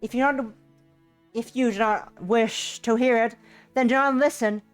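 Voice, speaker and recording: An earnest young woman in love, voiced by a woman reading a visual novel aloud, speaking in stiff, old-fashioned formal phrases. Her voice sits a touch higher and louder than plain talk, with faint music underneath. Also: steady tone, a little slow, natural voice. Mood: earnest, defiant.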